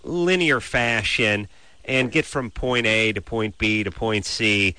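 A man hosting a call-in radio show from a studio, nasal and wordy, arguing his points in a deadpan way. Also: on the low side, slow, clean tone, no echo. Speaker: radio host. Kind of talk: late-night call-in radio banter. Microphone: studio mic.

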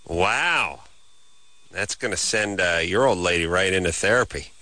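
A middle-aged man co-hosting a radio show, talking in a wry, deadpan, rambling way with lots of fillers. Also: deep voice, measured pace. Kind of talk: casual late-night radio banter.

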